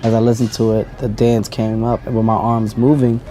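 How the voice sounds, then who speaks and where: A man giving a deadpan, mock-serious interview answer in a comedy bit. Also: medium pitch, a little fast. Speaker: interview guest.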